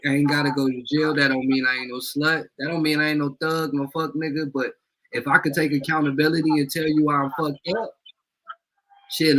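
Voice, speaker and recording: A man with an ordinary mid-pitched voice hosts a casual podcast chat. He speaks in relaxed street slang, often agreeing and riffing on his guest's points. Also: slightly rough, low-quality recording. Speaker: podcast host.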